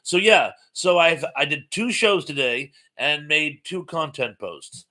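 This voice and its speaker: A man's voice: a little high, animated, unhurried, bright, forceful tone. A man hosting an impromptu live stream. He reads viewer comments aloud and chats loosely, with plenty of ums and uhs. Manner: rambling and chatty, with frequent ums and uhs. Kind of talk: casual live chat reading viewer comments.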